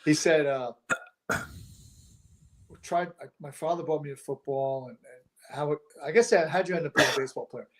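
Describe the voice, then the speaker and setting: A man's voice: on the high side, normal speed, long pauses. A man in a casual chat, mostly chiming in with short agreeing replies.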